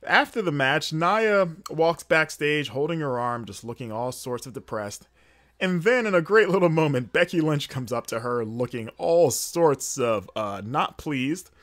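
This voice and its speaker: A man's voice: on the high side, expressive, unhurried, fairly bright tone. A man hosting a podcast, giving a casual solo recap in a rambling, chatty way, with lots of fillers and self-corrections. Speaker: podcast host.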